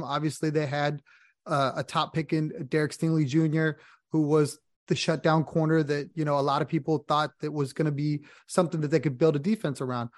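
A man co-hosting a sports podcast talks fluently through team analysis, giving a steady analytic breakdown. His voice is a little high, recorded at studio quality with no echo.

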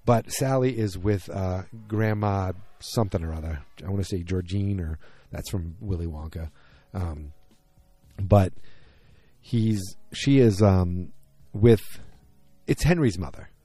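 A man's voice: deep voice, a little slow, warm tone, no echo, soft background music. A man casually recapping a TV episode, rambling, correcting himself and acting out the characters' lines. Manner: rambling, self-correcting, acts out quotes. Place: outdoors.

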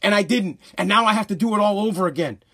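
High-voiced man ranting, profane and loud. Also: quick pace. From United States. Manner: heated, profane, repetitive ranting; shouts at peaks, stumbles and restarts. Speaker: podcast host. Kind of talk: ranting live-stream podcast monologue.

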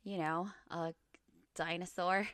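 Bright-voiced chatty woman. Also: on the low side, slow pace. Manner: laughs often, chatty and animated. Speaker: podcast co-host. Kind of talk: casual chat.

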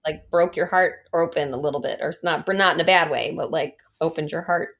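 A woman hosting a casual interview podcast, reacting warmly and emotionally to her guests. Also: low-pitched, fairly even intonation, a little fast. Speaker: podcast host.

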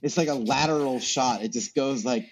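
A man's voice: medium pitch, moderate pace, breathy edge. A man chatting as a podcast guest, rambling through stories with lots of fillers and restarts. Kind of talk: casual chat.

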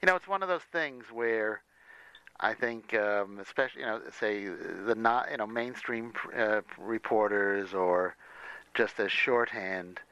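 A man's voice: on the low side, unhurried, sharp tone, clear, resonant tone, dry recording, muffled recording. A man in a casual conversation, talking through comics history in a rambling way with many restarts.

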